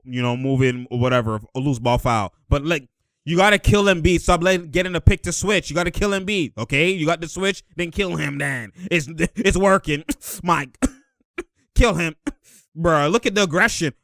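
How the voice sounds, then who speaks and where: A man hosting a casual breakdown of game footage, excitable and slangy, laughing often as he talks through plays. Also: on the high side, moderate pace, no room sound, clean studio sound. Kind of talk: casual play-by-play film breakdown.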